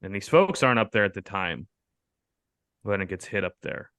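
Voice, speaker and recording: A man's voice: lowish voice, expressive, moderate pace, a bit bright, clean tone, dry recording. A man co-hosting a podcast, telling a story in casual chat with lots of swearing and laughter. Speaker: podcast co-host.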